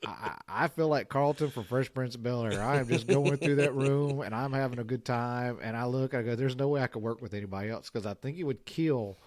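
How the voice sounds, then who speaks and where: A man's voice: medium pitch, fairly quick, hardly any pauses, darkish tone, no room sound. A man co-hosting a casual podcast, musing on his work and often stopping to restart his sentences. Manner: reflective, with many restarts. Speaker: co-host.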